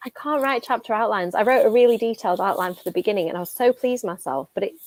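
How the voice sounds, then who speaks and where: A woman's voice: medium pitch, fast talker, rough recording. A woman in her thirties, an author hosting a casual writing-sprint chat, talking in a chatty, self-deprecating way and laughing often.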